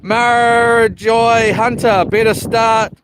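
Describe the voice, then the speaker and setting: On a noisy outdoor phone stream from his little houseboat, a New man fishes and chats in a relaxed, wandering style, welcoming viewers by name and cursing offhandedly. His voice is very high-pitched with little pitch movement, and he speaks extremely slowly.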